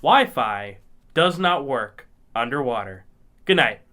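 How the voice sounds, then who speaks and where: A man's voice: medium pitch, animated, takes it slowly, sharp tone. A man co-hosting a casual podcast, rambling with many restarts. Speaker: podcast co-host. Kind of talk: casual chat.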